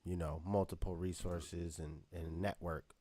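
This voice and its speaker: Rambling low-voiced man on a call. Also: little pitch movement, warm tone, husky, no room sound. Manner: rambling, halting, easygoing. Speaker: podcast co-host and rapper. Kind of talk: casual chat on a live video call. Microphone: webcam video call.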